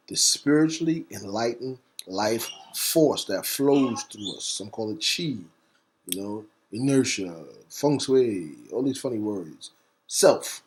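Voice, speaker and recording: A male host delivers an impassioned, fiery monologue in the style of a preacher on a talk segment, with a mid-range voice and slight background noise. He spells out words letter by letter and alternates between quick bursts and slow, emphasized words.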